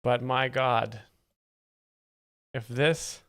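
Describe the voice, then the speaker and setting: Gravelly man dryly explaining jokes. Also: medium pitch, fairly even intonation, very slow, fairly bright tone, dry recording. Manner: rambling, dry mock-serious explaining. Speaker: livestream host. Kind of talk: live comedy commentary.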